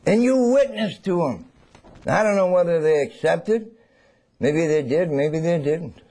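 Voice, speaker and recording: Preacher delivering a dramatic sermon. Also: male voice, on the high side, animated, a little slow. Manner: dramatic, swings between loud and hushed, acts out scenes.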